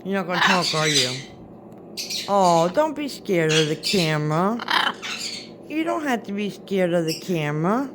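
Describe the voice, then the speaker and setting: A woman's voice: fairly low pitch, sing-song, unhurried, very noisy. A woman talking baby talk to her pet parrots at home, coaxing them to step up and speak to the camera. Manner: sing-song baby talk to pet birds. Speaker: channel host showing her parrots. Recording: loud parrot squawks behind.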